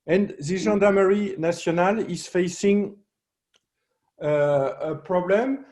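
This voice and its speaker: A man with a French accent presenting at a roundtable, pausing often with fillers and restarts. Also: sits high, darkish tone. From France. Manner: hesitant, many fillers and restarts. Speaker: panel speaker, researcher.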